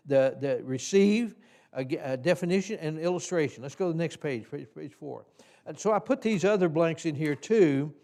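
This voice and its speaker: A man with a slightly high voice leads a teaching session in a church hall. His talk is folksy and halting, full of fillers and restarted phrases. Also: a little mellow. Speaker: Sunday school teacher trainer.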